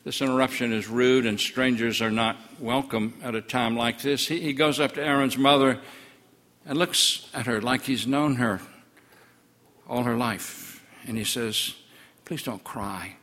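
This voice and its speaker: An older man preaching in the first person as an awestruck twelve-year-old village boy, earnest, his voice sinking low in the sorrowful parts. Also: steady tone, measured pace, a bit bright, long reverb tail, lightly acted. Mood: grieving, awed. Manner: earnest storytelling, voice drops low in sorrowful passages. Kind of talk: first-person story sermon.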